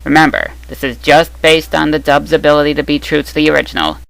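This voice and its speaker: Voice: mid-range voice, flat delivery, fast talker, gravelly, a bit bright, dry recording, poor audio. A young adult anime dub reviewer reading scripted opinion commentary, opinionated and dropping sarcastic asides.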